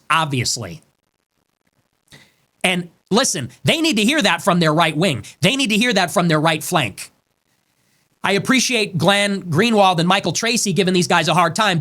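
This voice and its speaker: A man's voice: high-pitched, fairly bright tone. A man delivering heated monologue commentary on his own show, angry and combative, hammering points through repetition. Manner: angry, combative, emphatic, repeats lines for effect.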